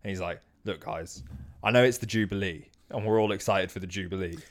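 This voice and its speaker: A man co-hosting a comedy podcast, improvising a silly story with a partner, laughing often and dropping into quick character voices. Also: deep voice.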